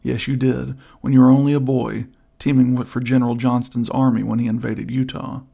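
A man reading the part of a gruff, gloomy old outlaw who offers hushed help. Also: mid-range voice, little pitch movement, fairly quick. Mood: low urgent. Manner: rough, hushed, conspiratorial. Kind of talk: audiobook character voice.

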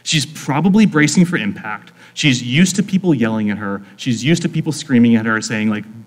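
A man's voice: fairly high pitch, animated, normal speed, big-room sound, poor audio. A man preaching a conversational sermon in an earnest, informal way, often saying "like". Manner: earnest, informal, frequent "like" fillers. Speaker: pastor.

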